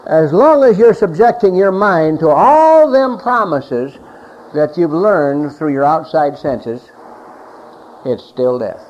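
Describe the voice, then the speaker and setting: A man's voice: a little high, expressive, slow, darkish tone. Middle-aged male preacher, emphatic, repeats his lines, raised voice, muffled old recording. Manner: emphatic, repeats phrases, rises and drops in volume. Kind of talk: sermon. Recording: dull lo-fi recording with faint hiss.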